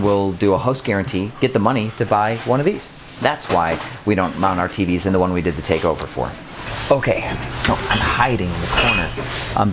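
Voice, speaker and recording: Man from Wisconsin, faint Wisconsin accent, fairly low voice, rambling casual vlog, slight background hum. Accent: mostly neutral American, faint Wisconsin. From Wisconsin, USA. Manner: rambling, many ums, loose and chatty. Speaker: vlogger, short-term rental host. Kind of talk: casual vlog talk to camera. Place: indoors, apartment full of boxes.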